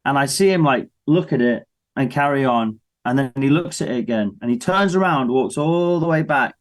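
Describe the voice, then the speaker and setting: An English man in his thirties, a musician appearing as a guest on a casual interview, tells lively stories and acts out the voices of his family members. His voice is mid-range and his speed normal.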